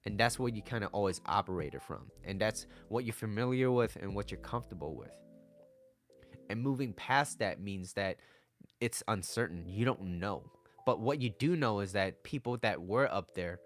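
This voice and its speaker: A man's voice: on the low side, expressive, normal speed, soft background music. A young man talking casually as a relationship coach, blunt and profane, acting out what people say in quoted voices.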